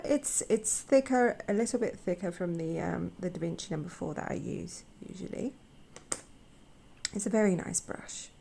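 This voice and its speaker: A woman hosting an art channel, chatting casually with a croaky voice, gushing and halting with repeated words. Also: fairly low pitch, dark tone, slight background noise. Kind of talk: casual chat.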